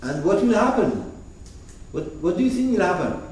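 A man's voice: high voice, big pitch swings, normal speed, a little mellow. A man teaching a class on a poetic text, speaking emphatically and asking his students questions. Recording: echoey room, distant mic, faint noise.

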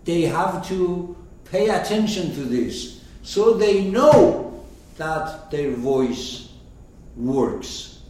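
A man explaining a story in a slow, very lively lecture voice, often checking in with his listeners. He is recorded from a distance in a strongly echoing room, with faint background noise. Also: on the high side. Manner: rhetorical questions, checking in with listeners. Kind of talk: lecture commentary. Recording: echoey room, mic far off.

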